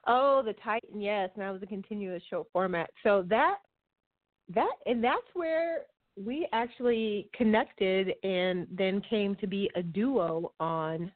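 A woman's voice: medium pitch, unhurried, dry recording. Chatty woman on a dry phone line. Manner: chatty, laughs easily. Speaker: podcast co-host. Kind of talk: casual chat.

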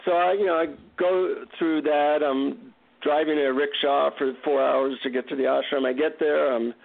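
Gravelly man telling a story by phone. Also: fairly high pitch, moderate pace. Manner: animated, self-mocking storyteller. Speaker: guest author. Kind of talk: storytelling in an interview. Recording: tinny phone line.

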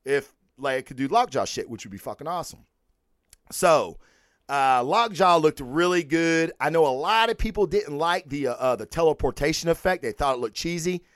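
Blunt and profane, this middle-aged host rants animatedly through casual comic book commentary on his vlog. He talks at normal speed in a voice on the high side, and the microphone-and-camera sound is clean studio audio with no echo.

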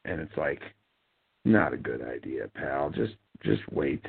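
A man's voice: extremely low pitch, animated, measured pace, gravelly, husky. A man hosting a show, talking in a rambling, sardonic monologue with mumbled asides. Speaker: podcast host. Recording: tinny phone-like line, dry.

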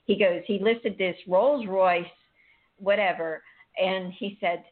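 A woman's voice: medium pitch, slow. A woman telling a personal faith story in casual chat, emotional and rambling with frequent restarts. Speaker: guest sharing a personal story. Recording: tinny phone line.

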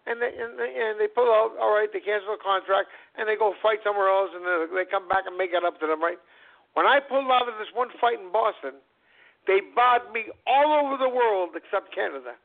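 Gravelly ex-boxer man on a phone-like line. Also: high voice, brisk. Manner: rambling, repeats words and restarts, acts out quoted voices. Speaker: former world boxing champion telling his life story. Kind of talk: conversational storytelling interview. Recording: phone-like narrow band radio audio.

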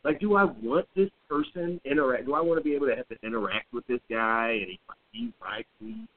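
A man co-hosting a podcast, telling a story in casual chat with blunt, profane, animated delivery. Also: fairly high pitch, a little fast, gravelly. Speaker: podcast co-host. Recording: tinny phone-like audio.

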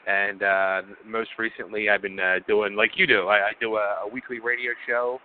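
A man, a former wrestler, calling in as a guest and talking in a laid-back, friendly way with halting restarts. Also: on the low side, flat delivery, a little hiss or hum. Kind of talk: casual phone interview. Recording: tinny phone line.

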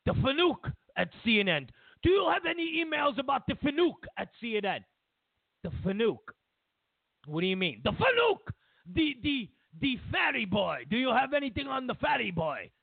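Man putting on a shouty mock-Russian strongman, pushy and crude, gravelly and raspy, phone-line thin. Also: sing-song, moderate pace, no room sound, full character voice. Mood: eager. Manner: shouting, high and strained, broken English. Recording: tinny phone-like line, dry.

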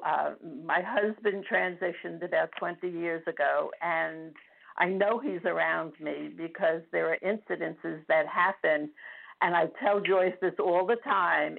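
An older woman calling in to a radio show, speaking in a halting, emotional way and close to tears. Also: lowish voice, vocal fry. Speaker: caller. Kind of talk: phone-in radio chat. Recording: tinny phone line.

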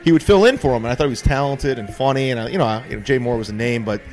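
A man guesting as a comedian on a casual podcast. He speaks at a middle pitch in a relaxed, halting way that is full of fillers. Faint music plays softly behind him. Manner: laid-back, halting, with fillers.

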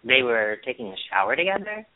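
A man co-hosting a casual podcast, telling a story in long rambling turns and acting out quoted lines in a high mocking voice. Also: big pitch swings, quick pace, no echo. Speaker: podcast co-host. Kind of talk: casual chat. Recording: dry, tinny phone-line sound.

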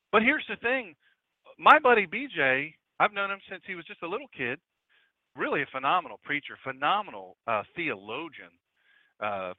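A man preaching a radio sermon, animated and storytelling with humor, over a dry, tinny radio broadcast line. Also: mid-range voice, dry recording.

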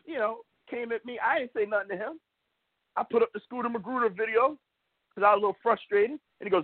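A man's voice: high-pitched, fast, no echo. A man hosting a sports talk show, ranting and mocking rival fans in an opinionated way. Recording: tinny phone-like audio, dry.

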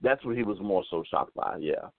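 A man's voice: on the low side, animated, fairly quick, vocal fry, no echo. A man co-hosting a casual sports talk show, laid-back, often stammering and repeating words. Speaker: co-host. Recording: phone-like line, dry sound.

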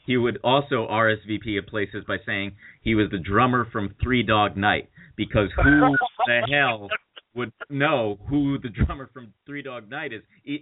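A man hosting a podcast, telling rambling anecdotes in casual chat. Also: mid-range voice. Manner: rambling, animated storytelling with quoted voices. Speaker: podcast host. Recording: tinny phone-like sound.

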